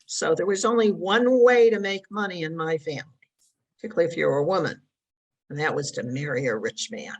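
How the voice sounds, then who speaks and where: A woman speaking as a guest in a conversational interview, reflective and quick to laugh lightly. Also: low voice, muffled recording. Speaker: podcast guest. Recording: voice sounds distant from mic.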